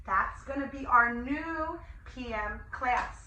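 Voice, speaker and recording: A woman teaching young children in an online class, speaking in a sing-song, slow and gently enthusiastic way with gasps of delight. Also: on the high side, recorded from a distance. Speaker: preschool teacher. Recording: echoey room, voice a bit off-mic, faint hiss.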